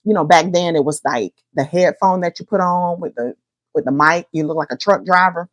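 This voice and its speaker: A middle-aged woman, hosting a podcast and chatting about her own life in a lively, animated way. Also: lowish voice, fairly quick, no echo. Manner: lively, chatty, addresses listeners as y'all. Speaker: podcast host. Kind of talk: personal storytelling to listeners.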